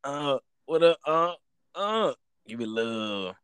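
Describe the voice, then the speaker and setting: A man's voice: mid-range voice, very animated, slow, fairly bright tone, smooth, dry recording. A man in casual chat, chiming in with joking, slangy remarks.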